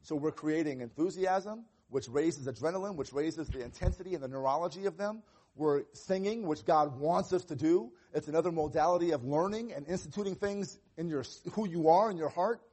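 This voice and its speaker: A man's voice: on the high side, fairly quick, a little mellow, slightly rough. A male pastor preaching a sermon, earnest and conversational, acting out little exchanges with children. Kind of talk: sermon on parenting.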